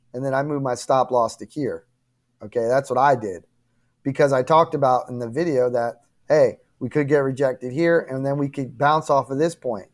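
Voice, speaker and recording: A man with a slightly high voice walks viewers through market charts in a loose, conversational way. He repeats himself and keeps checking in with "okay?" and "right?", pressing his points with insistence. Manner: emphatic, repetitive, addresses viewers directly with frequent "okay?" and "right?"; apologetic and frustrated at times. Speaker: crypto trading channel host. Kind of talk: casual chart walkthrough.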